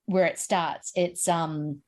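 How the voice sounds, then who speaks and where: A woman hosting a podcast, chatting casually and excitedly about horror films, with plenty of "like" and mild swearing. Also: fairly low pitch, slow pace. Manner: chatty, animated, swears for emphasis. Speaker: podcast host. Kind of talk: casual chat.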